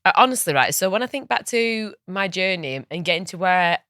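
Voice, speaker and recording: An upbeat woman co-hosting a podcast in easy, chatty talk, laughing often. Her voice is bright and forward, and the studio sound is close and dry with no room echo. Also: fairly low pitch, lively intonation, brisk. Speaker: podcast co-host. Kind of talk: casual podcast chat. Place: recording studio.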